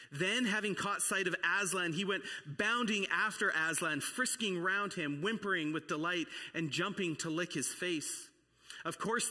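A male preacher telling a story in an earnest, dramatic way. His bright, fairly high voice carries into a long hall reverb. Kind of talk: storytelling sermon.

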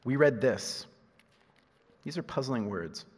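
A man preaching a sermon as a pastor, animated, moving from loud emphasis to hushed asides and laughing at himself. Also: medium pitch, slow pace. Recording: husky voice in a reverberant hall.

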